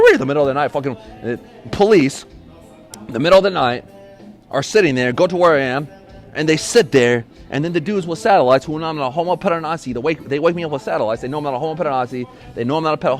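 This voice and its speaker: Fast-talking angry man ranting. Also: medium pitch. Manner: angry, profane, accusatory; shouting bursts. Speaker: podcaster. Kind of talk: solo rant.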